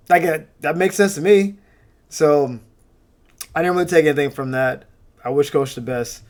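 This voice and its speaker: A man's voice: a little high, normal speed, pauses often, darkish tone. A man hosting a fan channel, giving casual, opinionated sports commentary with frequent laughs and fillers.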